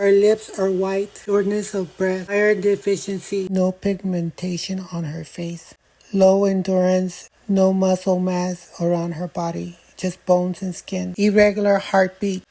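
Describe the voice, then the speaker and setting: An older woman giving a personal account of her dealings with officials, in a flat and insistent way. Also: mid-range voice, low-quality recording. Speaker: grandmother recounting a complaint. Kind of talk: personal account read aloud.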